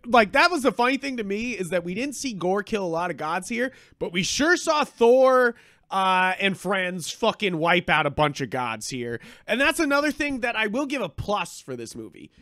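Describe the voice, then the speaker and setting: High, lively man riffing on a movie. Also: a little fast, no room sound. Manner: animated, swears freely, acts out reactions in quotes. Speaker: podcast co-host. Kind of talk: casual movie review chat.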